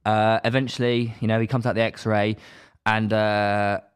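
A man's voice: on the low side, flat delivery, measured pace, clear, resonant tone. A man co-hosting a podcast, telling stories animatedly in casual chat and swearing casually. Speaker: podcast co-host.

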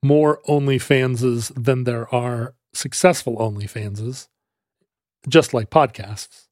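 A man's voice: medium pitch, slow pace, a little mellow, no room sound, studio quality. A man co-hosting a podcast who tells a history story in a casual, rambling, jokey way with many fillers.

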